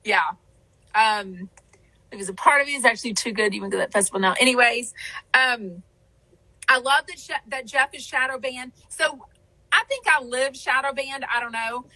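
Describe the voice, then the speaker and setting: High, bright-voiced chatty woman host. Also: normal speed, rough recording. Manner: chatty, rambling, many fillers. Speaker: podcast host. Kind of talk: casual chat.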